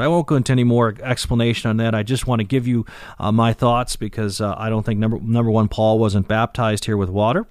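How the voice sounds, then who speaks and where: A man's voice: on the low side, fairly even intonation, brisk, a little mellow, dry recording, clean studio sound. A man teaching a Bible passage verse by verse in a conversational way, stressing key words and reading the text aloud. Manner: conversational, with fillers and restarts, leans into key words.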